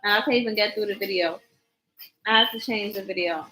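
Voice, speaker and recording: A woman's voice: medium pitch, fairly quick, bright, forceful tone, faint music behind, poor audio. A young woman vlogging her reactions to videos, tearful and worn out from crying, rambling and repeating herself in casual chat.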